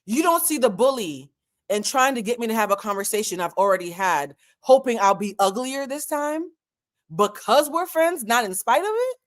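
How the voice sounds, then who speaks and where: A woman's voice: a little high, expressive, moderate pace. A woman hosting a commentary channel, talking straight to her viewers in an impassioned, lecturing rant full of pointed rhetorical questions. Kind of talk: direct-to-camera commentary rant.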